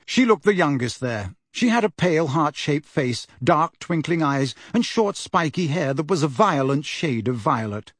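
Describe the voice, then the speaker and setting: Animated husky male storybook narrator. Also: a little high, moderate pace, hardly any pauses, no room sound, clean studio sound. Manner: expressive, animated reading. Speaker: audiobook narrator.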